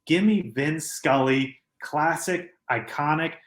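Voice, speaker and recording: A man co-hosting a sports podcast in a studio, talking in a measured way and building his points with pauses. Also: a little high, fairly bright tone. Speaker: podcast co-host. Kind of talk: casual sports chat.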